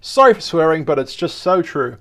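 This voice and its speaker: A man's voice: a little high, very animated, a little fast, fairly bright tone. A man hosting a casual tech vlog, rambling and joking as he reads an article aloud and stumbles over words. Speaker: tech vlogger.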